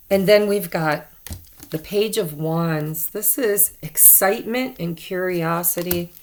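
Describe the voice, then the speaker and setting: A woman's voice: fairly low pitch, creaky. A woman giving a casual tarot card reading to her viewers, chatty and repeating herself for emphasis. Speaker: tarot reader.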